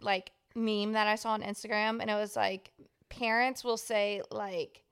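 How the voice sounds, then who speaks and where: A woman's voice: medium pitch, little pitch movement, measured pace, a bit bright, slight background noise. A young woman with a Southern American accent, co-hosting a podcast in casual, giggly, teasing chat. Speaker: podcast co-host.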